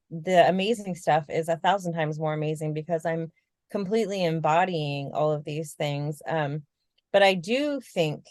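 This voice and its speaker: A woman with a fairly low voice chats candidly on a podcast, musing out loud, dropping the odd swear word and breaking into laughs. The sound is dry and close. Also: no room sound. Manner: candid, reflective, swears casually, laughs often. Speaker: podcast co-host. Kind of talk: casual podcast chat.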